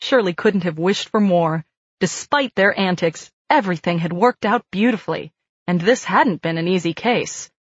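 Calm, low-voiced woman narrating a novel. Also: moderate pace, slightly rough, no room sound. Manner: calm, steady storytelling. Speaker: audiobook narrator. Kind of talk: scripted narration. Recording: dull dry studio read.

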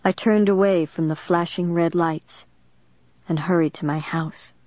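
A woman narrating an audiobook in a steady, clear storytelling manner. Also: on the low side, unhurried, dry recording. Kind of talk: scripted narration. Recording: dull, dry studio recording.

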